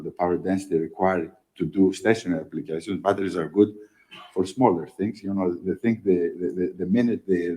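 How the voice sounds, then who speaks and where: Low-voiced man, halting speech. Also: mellow, rough recording. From Greece. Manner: halting, many fillers, emphatic "okay?" tags. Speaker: company executive. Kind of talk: panel interview answer.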